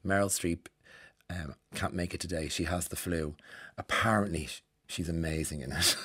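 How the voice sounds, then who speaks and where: A man's voice: sits low, moderate pace, pushed and bright, husky, dry recording, clean studio sound. A man with an Irish accent hosting a radio show, chatting and laughing as he reads out listener texts in a self-mocking way. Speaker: radio host. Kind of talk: casual radio chat reading listener texts.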